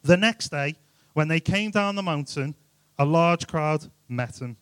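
A man's voice: on the high side, expressive, a little slow, fairly bright tone, clear, resonant tone, dry recording. A man giving an informal, jokey youth sermon, full of rhetorical questions. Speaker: youth speaker.

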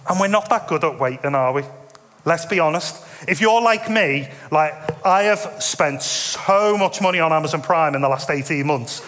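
A preacher in his thirties talks through his sermon in a casual, self-deprecating way. His voice sits a little high for a man. A long reverb from the big hall trails behind every phrase. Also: moderate pace. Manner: conversational, self-deprecating, animated asides.

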